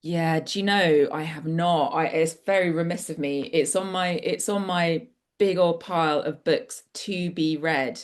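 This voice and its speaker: A woman's voice: low-pitched, steady tone, measured pace. A middle-aged woman author talking casually and enthusiastically at an online book launch, rambling with frequent restarts over a video call.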